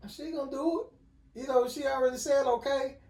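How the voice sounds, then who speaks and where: A middle-aged man telling personal stories as a podcast guest in a relaxed, casual way, often saying "you know". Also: very high voice, a little fast. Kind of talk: casual conversation. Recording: echoey room, distant mic.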